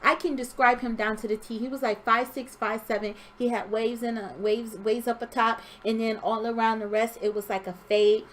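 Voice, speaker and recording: Young woman telling a story, lively and animated, kinda high voice, a little background hiss. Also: normal speed, hardly any pauses. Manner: animated, expressive storytelling with sound effects. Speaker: vlogger. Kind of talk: storytelling vlog.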